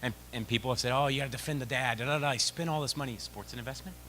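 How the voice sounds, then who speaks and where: A man speaking as a youth sports presenter at a meeting, telling animated stories in a conference talk. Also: mid-range voice, rapid-fire, a little hiss or hum. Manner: animated storytelling. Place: meeting venue.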